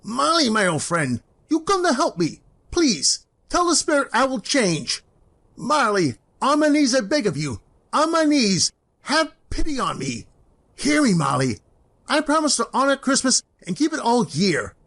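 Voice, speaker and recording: A woman voicing a grumpy old miserly man in an animated film, pleading and dramatic. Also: fairly high pitch, a little slow, heavily acted.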